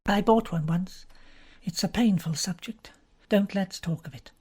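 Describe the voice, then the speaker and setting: A woman's voice: medium pitch, unhurried, a little mellow, husky. A woman voicing a bored, drawling young upper-class woman in an audiobook. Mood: teasing. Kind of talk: audiobook character reading.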